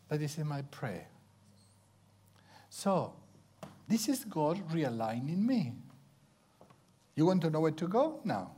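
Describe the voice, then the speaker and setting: A middle-aged man preaching a sermon, swinging from loud exclamations to hushed near-whispers and acting out sounds. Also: on the high side, very animated, slow, pauses often. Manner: acts out sounds with playful onomatopoeia.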